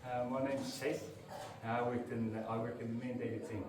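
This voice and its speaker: A young man with a New Zealand accent giving a halting, emotional farewell speech, his voice choking up between fillers. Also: medium pitch, little pitch movement. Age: young adult. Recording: echoey room, distant mic, loud noise.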